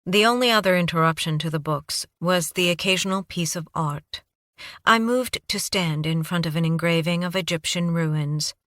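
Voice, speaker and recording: Bright-voiced woman audiobook narrator. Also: on the low side, moderate pace, no echo, studio quality. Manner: steady first-person storytelling.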